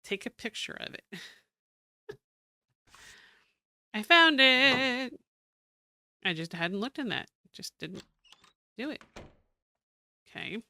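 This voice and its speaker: A woman's voice: mid-range voice, expressive, slow, pauses often, pushed and bright, dry recording, clean studio sound. A woman casually commenting while playing a puzzle game, thinking aloud, counting and reading notes. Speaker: gaming streamer.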